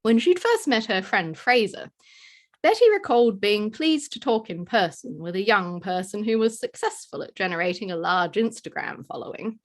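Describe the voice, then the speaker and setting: A woman's voice: mid-range voice, animated, moderate pace. A woman reading a story aloud as narrator, giving small voice shifts to quoted characters. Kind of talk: scripted narration.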